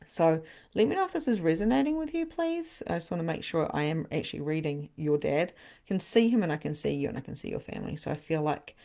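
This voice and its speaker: A middle-aged woman hosting a live-stream card reading as a spiritual medium, often dropping into a soft whisper. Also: deep voice, expressive, fast talker, gravelly.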